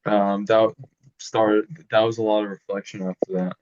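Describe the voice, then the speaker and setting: A man co-hosting a podcast, telling animated stories in casual chat with plenty of swearing. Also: lowish voice, moderate pace, highs cut off. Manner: animated, swearing, laughing storyteller. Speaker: podcast co-host.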